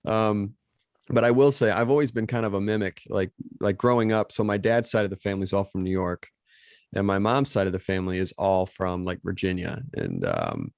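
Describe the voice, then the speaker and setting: A man with a Midwestern American accent hosting a casual podcast conversation, chatty, laughing easily and tossing in quick asides. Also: sits low, expressive, vocal fry, darkish tone, dry recording, clean studio sound. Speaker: podcast host.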